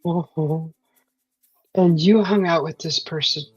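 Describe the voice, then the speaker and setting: A woman's voice: sits low, fairly even intonation, takes it slowly, darkish tone, slightly rough, dry recording, lo-fi sound, soft background music. A woman hosting a casual live stream, reading out chat comments and laughing along with her guest. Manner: laughs often, reads chat comments aloud. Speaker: host.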